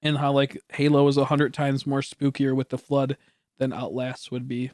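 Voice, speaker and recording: A man's voice: medium pitch, no echo, clean studio sound. A young man streaming from home, chatting casually in a rambling, self-correcting way, swearing now and then and coughing at times. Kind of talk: casual chat.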